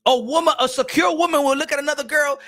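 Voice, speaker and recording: A man giving casual livestream commentary, animated and rambling, with frequent restarts, laughs and bursts of shouting. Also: very high-pitched, quick pace. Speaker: boxing commentary streamer.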